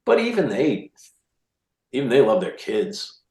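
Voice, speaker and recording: A man speaking as an author guest in a casual interview, animated, with quick restarts and repeated words. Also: medium pitch. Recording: roomy echo.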